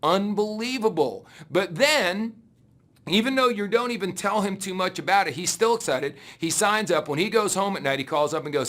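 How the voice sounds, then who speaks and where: A man gives a lively motivational talk, with a voice that sits a little high for a man. He acts out the hyped and gloomy voices of the people he describes, swinging up and down as he goes. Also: moderate pace. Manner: animated, acts out excited and gloomy inner voices. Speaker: network marketing speaker.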